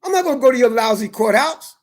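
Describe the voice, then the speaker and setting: A man's voice: very high-pitched, lively intonation, fast talker. Man, vlogger, angry defiant rant; emphatic and repetitive delivery.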